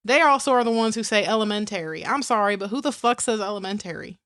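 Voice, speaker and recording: A woman's voice: mid-range voice, fast, a bit bright, no echo. Woman, Southern accent, casual podcast co-host, storyteller, dry close mic. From American South. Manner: chatty storyteller, laughs often. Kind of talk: casual chat.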